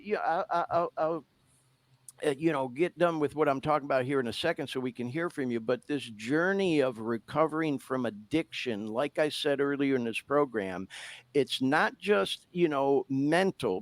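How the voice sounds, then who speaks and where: A man's voice: medium pitch, no room sound. A man hosting a podcast, talking casually and candidly, swearing freely and getting emotional about his own fitness. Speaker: podcast host.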